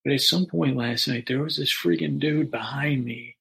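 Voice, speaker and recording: A jittery, rattled actor who rushes and stumbles over his own words, as a man puts him on. The voice is gravelly and husky. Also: mid-range voice, a bit bright, heavily acted. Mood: agitated. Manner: nervous, rushed, repeating himself.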